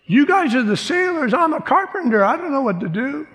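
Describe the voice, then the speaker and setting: A preacher playing a comically helpless, panicked young man with a high, frantic yelp. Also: sing-song, brisk, fairly bright tone, exaggerated voice.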